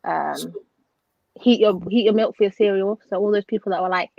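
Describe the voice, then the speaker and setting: A woman's voice: mid-range voice, fairly quick, vocal fry, no echo. A woman who teaches, chatting on a live stream and giving emphatic advice. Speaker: teacher, co-host. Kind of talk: casual chat. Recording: dull lo-fi sound.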